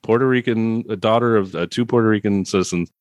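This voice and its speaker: A man's voice: fairly low pitch, fast, dry recording. A man co-hosting a casual comedic movie recap, sarcastic and profane, laughing often. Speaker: podcast co-host.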